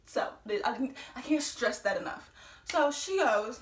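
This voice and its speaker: A young woman with a high, bright-sounding voice tells a storytime vlog tale in an excitable, profane rush. She speeds up whenever she gets worked up. Her voice sits back from the mic, and the room gives it a roomy echo. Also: recorded from a distance, slight background noise. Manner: excitable, talks fast when worked up, heavy swearing. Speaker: vlogger telling a story.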